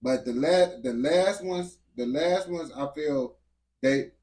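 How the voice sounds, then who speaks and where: A man's voice: fairly high pitch, slow, darkish tone. A man giving casual, slangy reaction commentary, dropping "bro" and "gang" constantly and restarting his sentences. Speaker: reaction video host.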